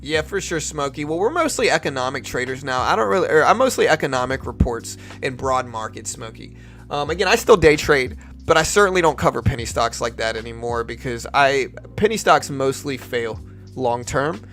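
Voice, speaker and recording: A man's voice: medium pitch, lively intonation, brisk, fairly bright tone, faint music behind. A young man from Louisiana with a slight Louisiana accent, casually hosting a trading livestream and answering chat questions. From Louisiana, USA. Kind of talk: casual live-stream commentary.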